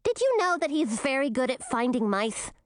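A woman's voice: high voice, big pitch swings, moderate pace, no room sound, clean studio sound, voice pushed up. A woman voicing a teasing little pet snake. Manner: teasing, dryly critical. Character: small sharp-tongued pet snake, female.

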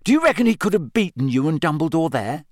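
Ron: a man doing an excitable schoolboy. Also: fairly high pitch, quick pace, no room sound, clean studio sound, pitched above the performer's own voice. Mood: excited. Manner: eager, blurting, excitable. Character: excitable teenage schoolboy, quick to theorize. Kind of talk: audiobook character voice.

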